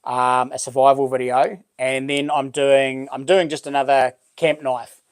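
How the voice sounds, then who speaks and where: A New Zealand man hosting a casual live stream, chatting in a relaxed way, full of slang and reading out viewer comments. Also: medium pitch, measured pace, clean tone. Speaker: livestream host.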